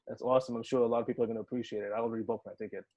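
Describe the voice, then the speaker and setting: Speaking rapid-fire at a medium pitch, the man is captured on dull-sounding audio. He's a United Arab Emirates musician guesting in an easygoing interview, where he swears heavily and acts out quoted lines while telling a lively story.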